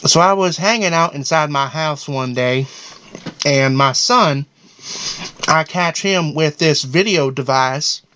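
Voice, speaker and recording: A man's voice: fairly high pitch, slow, sharp tone, a little hiss or hum. A man voicing a paranoid, boastful middle-aged cartoon dad in a rambling, self-important comedic monologue. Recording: dull lo-fi audio.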